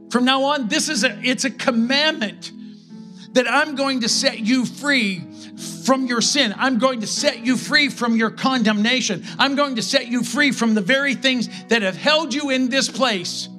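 A man preaching a sermon as pastor, impassioned, with slow dramatic pauses. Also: very high-pitched, sharp tone, soft background music.

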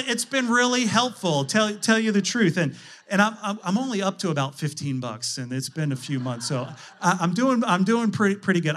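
A man's voice: a little high, fairly bright tone. A middle-aged man, a pastor, delivering a conversational sermon full of restarts and rhetorical questions.

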